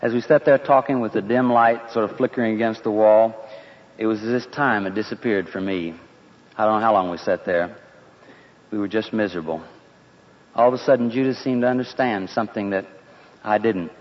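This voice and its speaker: A man's voice: fairly low pitch, brisk. A man telling a dramatic story in the first person, in an earnest, conversational way. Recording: dull lo-fi with long reverb.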